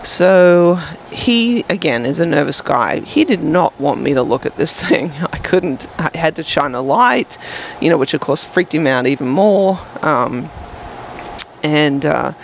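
A woman's voice: deep voice, expressive, a little slow, vocal fry, a little hiss or hum, low-quality recording. A woman co-hosting a podcast, telling a long rambling story in casual chat with many fillers. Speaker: podcast co-host.

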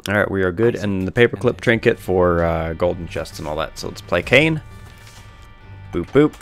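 A man's voice: deep voice, lively intonation, brisk, fairly bright tone, soft background music. A young man casually commenting on his own gameplay, rambling, correcting himself and laughing often, on a headset mic. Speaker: gaming video host.

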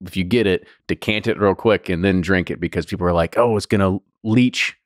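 A man's voice: low-pitched, fairly even intonation, quick pace, dry recording, clean studio sound. A man hosting a podcast in casual chat, easygoing, steering and wrapping up the talk. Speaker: podcast host.

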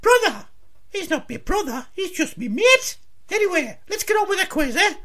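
A man plays a chipper male TV presenter running a radio quiz, chirpy and teasing. The voice sits very high, far above a normal man's talk. It is a comedy radio sketch with quick, bouncy hosting. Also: very animated, bright, forceful tone, heavily acted. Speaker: quiz show host.

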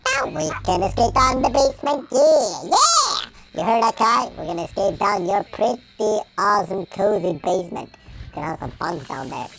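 A man voicing an excitable male cartoon chipmunk who plays a game and yells at it, with a sped-up high-pitched voice. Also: normal speed, gravelly, full character voice. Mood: playful. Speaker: gameplay commentator. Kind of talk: let's-play commentary in character. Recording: game music underneath.

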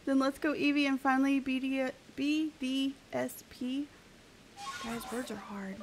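A woman's voice: high-pitched, fairly even intonation, a little slow, background noise. A woman live-streaming a game, chatting playfully with her viewers. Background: background music.

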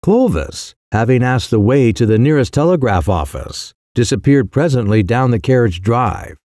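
A man narrating a comic short story in a wry, expressive storytelling manner. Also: mid-range voice, moderate pace, no room sound, studio quality. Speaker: audiobook narrator.

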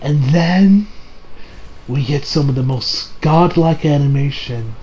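A man giving a casual anime episode review, excitable and swearing, recapping scenes with mock quotes. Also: on the high side, slow, poor audio.

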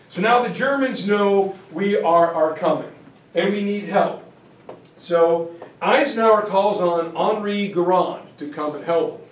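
Animated male history lecturer. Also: sits high, slight background noise. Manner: animated, joking storytelling with acted-out voices. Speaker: teacher. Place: lecture room. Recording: roomy, from far off.

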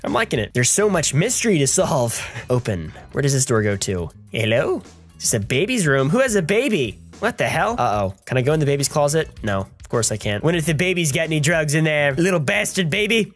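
A young man giving crude, sarcastic commentary as he plays a game, with a highly animated voice that swings from high mocking bursts to low muttering. He jokes and swears constantly while faint game music plays underneath. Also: brisk. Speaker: gaming commentator. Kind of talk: crude joking let's-play commentary.

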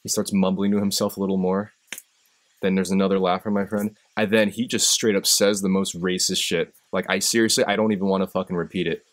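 A man's voice: sits low, little pitch movement, a little fast. A man hosting a live stream, telling stories and giving a profane, impassioned motivational speech that rises in intensity when he gets fired up. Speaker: host.

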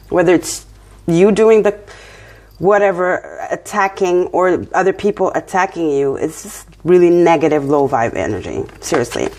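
A woman with a French accent and a lowish, darkish voice gives a casual tarot reading, encouraging her listener and checking in with her often.

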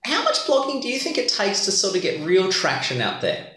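A man hosts a casual interview, jokey and rambling, his pitch swinging a lot. The room around him echoes heavily. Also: fairly quick. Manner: jokey, animated, rambling questions. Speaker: interviewer, host.

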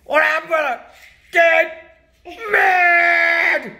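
A man voicing a whiny, hurt toy referee who keeps getting crashed into, in a high crying wail. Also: fairly even intonation, drawn-out words, heavily acted. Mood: whining upset. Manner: wailing complaints, shouting.

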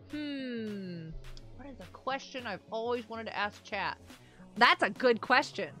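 A bubbly young woman chatting through a live game stream, her voice high and bright, swinging up and down as she reacts. Soft game music plays behind her. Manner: bubbly, exclaims and laughs often, talks to chat.

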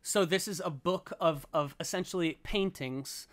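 Chatty podcast host, higher voice. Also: male voice, moderate pace, fairly bright tone. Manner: rambling, self-correcting, chatty. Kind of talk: casual comedic storytelling.

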